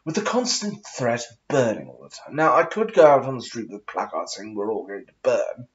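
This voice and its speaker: A man rambling to camera in an exaggerated posh, aristocratic voice, his pitch swinging up and down lively as he goes. He swears freely and wanders from thought to thought. The recording sounds dull and lo-fi. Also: brisk. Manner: affected posh aristocratic put-on voice; swears often, meandering. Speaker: vlogger. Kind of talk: rambling casual monologue.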